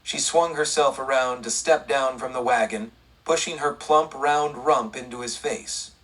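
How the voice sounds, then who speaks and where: A man narrating a western audiobook in a steady, measured reading. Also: mid-range voice, far from the mic, poor audio.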